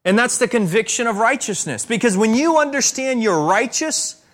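High-voiced man preaching with emphasis. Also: expressive. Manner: preaching with emphatic rises and slow, stressed repetitions. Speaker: pastor. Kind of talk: sermon.

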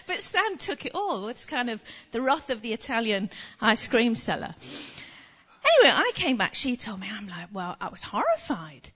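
An English woman preaching in a relaxed, conversational way, her pitch sitting a little high and swinging widely as she tells her story. The recording sounds slightly muffled and dull. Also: moderate pace, husky. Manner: chatty, animated anecdote-telling.

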